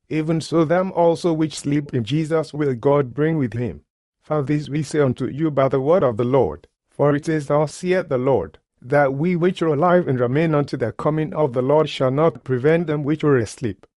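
A man's voice: a little high, darkish tone, no room sound. Emphatic male preacher, dry sound. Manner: emphatic, declamatory scripture preaching. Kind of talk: sermon.

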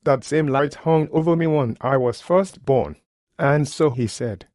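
A man's voice: fairly high pitch, a little slow, darkish tone, dry recording, studio quality. A man preaching, telling a personal testimony in an earnest, plain-spoken way with colloquial grammar. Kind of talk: sermon testimony storytelling.

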